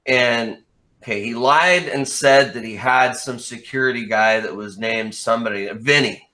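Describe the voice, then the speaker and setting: A man as an interview guest in casual chat, telling a story in an animated way and swearing freely. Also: mid-range voice, moderate pace.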